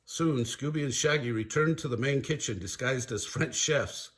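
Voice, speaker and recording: An older man reading a children's storybook aloud in a slow, animated storytelling manner. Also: mid-range voice, background noise. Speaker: storybook reader.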